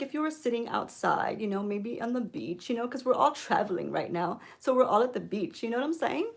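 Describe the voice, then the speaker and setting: A woman giving a mock makeup tutorial, coaxing viewers with deadpan ironic influencer patter and frequent "okay?"s. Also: a little high, gravelly. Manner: coaxing, keeps repeating "okay?". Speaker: beauty vlogger.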